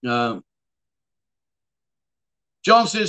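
A man hosting a casual livestream chat show, rambling warmly and reading viewer comments aloud with friendly asides. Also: a little high, expressive, moderate pace. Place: lives abroad in Thailand.

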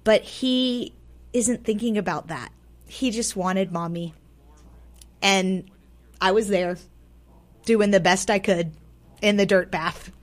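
Woman storyteller, mid-pitched, animated, loud-to-hushed swings, repeats words for emphasis. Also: takes it slowly, long pauses. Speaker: storyteller guest on a radio show. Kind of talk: personal story told aloud. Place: radio studio.

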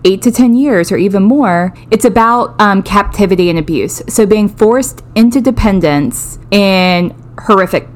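A woman co-hosting a podcast, explaining a topic in casual, measured steps with dry jokes. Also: mid-range voice. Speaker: podcast co-host.

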